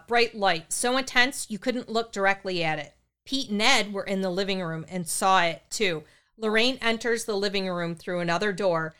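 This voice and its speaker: A woman's voice: mid-range voice, a bit bright, clear, resonant tone. A woman narrating a true paranormal story in a matter-of-fact way.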